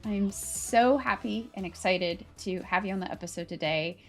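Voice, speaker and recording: A woman with a medium-pitched voice and moderate pace hosts a podcast interview over soft background music. She is earnest and upbeat, laughing easily with her guest as they converse.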